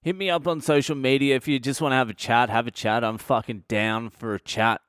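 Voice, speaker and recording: A man's voice: mid-range voice, fairly even intonation, a little fast, fairly bright tone, smooth, no echo, clean studio sound. A man in his thirties with an Australian accent, hosting a podcast and telling a blunt, profane, self-mocking comic story. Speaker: comedian podcast host.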